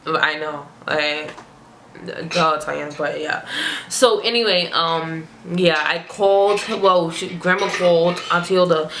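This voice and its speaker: A young woman, a vlogger, telling a casual, animated storytime in slangy everyday speech. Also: low voice, takes it slowly, slight background noise. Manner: chatty, animated, slangy storyteller who breaks into character voices. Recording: roomy echo, faint ambience.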